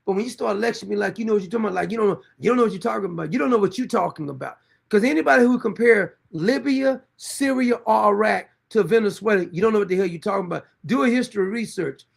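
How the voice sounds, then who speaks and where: A man's voice: high-pitched, quick pace, creaky, hardly any pauses. A middle-aged man, hosting a livestream and bluntly scolding commenters in a confrontational, repetitive way. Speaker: show host.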